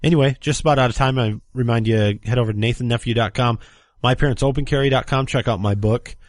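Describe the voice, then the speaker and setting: This talk show host talks at a quick pace in a medium-pitched voice, sarcastically deriding his political opponents with put-on quotes on his commentary show. It's recorded studio-clean with no room sound.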